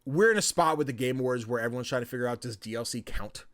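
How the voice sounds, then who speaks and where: A young man talks casually as a podcast host, loose and playful, swearing freely as he rambles. His voice sits at an ordinary middle pitch. The sound is close and dry, with no room echo. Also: fast, fairly bright tone. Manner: loose and chatty, swears freely, acts out game characters. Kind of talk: casual chat about video games.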